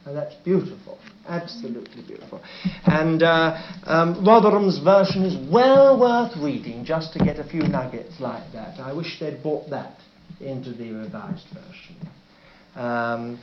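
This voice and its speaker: A man teaching a sermon about Bible versions, speaking in a deliberate way and often adding "you see". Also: on the high side, expressive, slight background noise. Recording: roomy, muffled old recording.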